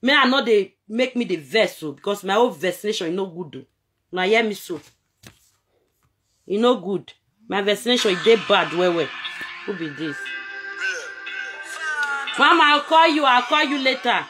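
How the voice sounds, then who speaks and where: A woman's voice: medium pitch, lively intonation, moderate pace, pauses often, fairly bright tone, faint music behind. Nigerian woman ranting to camera. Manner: repetitive, scolding, switching between Pidgin and local-language phrases. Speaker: vlogger. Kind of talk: direct-to-camera rant.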